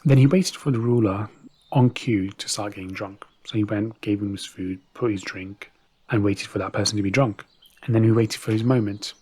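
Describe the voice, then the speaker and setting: A man's voice: fairly low pitch, moderate pace, warm tone, husky. A man narrating a story in a casual, conversational way, with asides to the listener.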